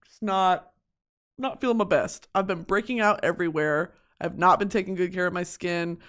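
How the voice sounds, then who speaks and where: A woman's voice: on the low side, moderate pace. A young woman hosting a podcast from her home studio, chatting casually and expressively, swearing often and mocking herself in exaggerated voices. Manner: expressive, swears a lot, mocking self-talk. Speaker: podcast host. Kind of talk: casual chat.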